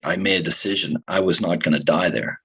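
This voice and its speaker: A middle-aged man tells in the present tense how he survived a shooting, sometimes rushing ahead and sometimes slowing down heavily. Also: deep voice, fairly even intonation, fairly bright tone, husky, rough recording. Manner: vivid present-tense retelling, sometimes rushed, sometimes slow and heavy. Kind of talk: first-person podcast storytelling.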